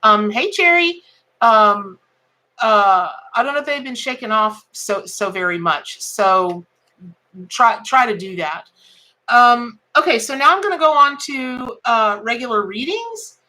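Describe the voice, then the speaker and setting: A woman's voice: on the high side, animated, unhurried, sharp tone. A woman giving a live tarot reading, chatting folksily with viewers and greeting them by name. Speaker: tarot reader.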